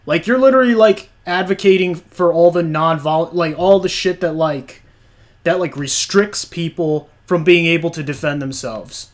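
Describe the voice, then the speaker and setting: A man's voice: on the high side, moderate pace. A young man hotly arguing back at a clip, swearing a lot and rambling with many fillers. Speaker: channel host arguing with a clip. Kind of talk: heated comedic argument.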